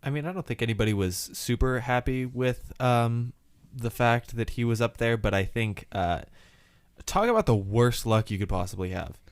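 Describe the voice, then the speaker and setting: A man with a smooth, resonant voice talks on a podcast in a measured, thoughtful way. His voice is mid-range and sounds close and dry. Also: mid-range voice, fairly even intonation, no room sound. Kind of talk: casual chat.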